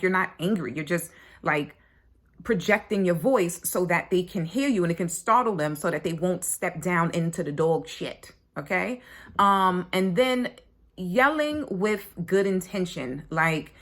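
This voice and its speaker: A woman's voice: on the low side, fairly bright tone. Chatty woman parenting coach, blunt and casual. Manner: chatty, frequent "right?" and "like", blunt swearing. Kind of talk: casual online course talk.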